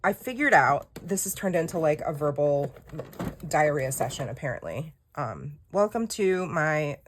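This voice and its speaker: A woman's voice: low-pitched, sing-song, moderate pace, a little hiss or hum. A woman, telling a personal story in casual chat while journaling, candid and rambling, acting out quoted dialogue. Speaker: journaling creator.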